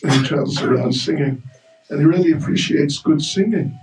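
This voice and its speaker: A man's voice: on the high side, a little fast, darkish tone. A man giving a storytelling religious class in a temple hall, joking with the audience. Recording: roomy hall, mic far off.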